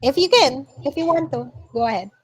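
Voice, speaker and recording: A woman's voice: sits high, animated, a little fast. A Filipino woman teaching an online class, correcting her students' pronunciation word by word and repeating each correct form. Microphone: video call.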